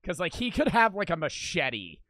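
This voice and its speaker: A man giving casual, animated reaction commentary, exclaiming and swearing as he talks. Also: sits high, moderate pace, no room sound, studio quality.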